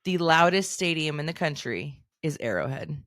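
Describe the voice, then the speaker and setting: Middle-aged woman, podcast co-host, lowish voice, emphatic, swears freely, dry close sound. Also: expressive, moderate pace, fairly bright tone, dry recording. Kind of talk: casual podcast chat.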